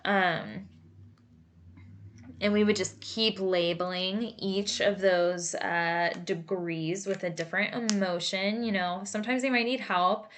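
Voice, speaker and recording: A woman working as a creative arts therapist, explaining a coping exercise in a relaxed, chatty way with many fillers and asides. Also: mid-range voice, slow, slight background noise. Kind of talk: casual instructional talk.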